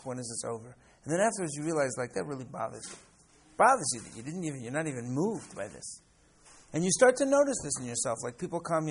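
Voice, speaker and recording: This is a medium-pitched man in his sixties from the United States, a rabbi giving a classroom lesson through stories from his own life. He tends to repeat words and frequently asks "right?".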